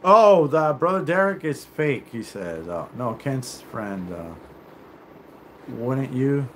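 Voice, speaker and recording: Lively, profane man ranting on stream. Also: medium pitch, takes it slowly, a little hiss or hum. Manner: profane, confrontational; rambling, with many fillers and restarts. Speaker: livestream host. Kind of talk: live rant on a stream.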